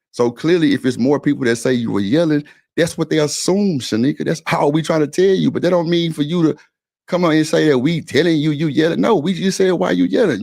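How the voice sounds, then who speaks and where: Gravelly insistent man arguing on stream. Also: on the high side, darkish tone. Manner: insistent, talks over others, repeats phrases. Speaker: stream co-host. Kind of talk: heated casual argument.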